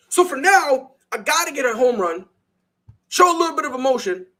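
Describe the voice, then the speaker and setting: Young man, sports talk host, lively high voice, slangy and emphatic monologue. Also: brisk. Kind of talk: animated sports opinion monologue.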